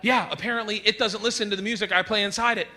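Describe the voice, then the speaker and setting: A middle-aged man doing a stand-up comedy set, telling stories loudly and acting out quoted lines in shifting voices. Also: high-pitched, steady tone, racing. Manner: loud storytelling, acts out quotes in shifting voices. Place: comedy stage before a laughing audience. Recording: live stage mic with audience noise.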